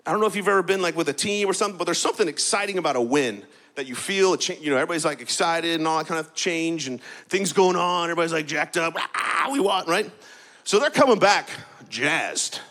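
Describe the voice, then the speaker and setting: A male pastor preaching a sermon in a lively, conversational way, often adding "right?" and getting the congregation to repeat words back. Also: fairly high pitch, fast talker. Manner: energetic, conversational preaching with frequent "right?" asides. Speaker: campus pastor.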